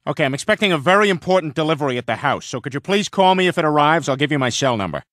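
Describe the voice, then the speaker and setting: A loud, goofy middle-aged cartoon father who blusters and trips over his words. His voice sits high and bright. It swoops wildly up and down. The sound is close and dry. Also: lively intonation, very fast, dry recording. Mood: proud. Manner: blustering, stammering, rambling. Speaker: director on set. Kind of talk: cartoon voice acting.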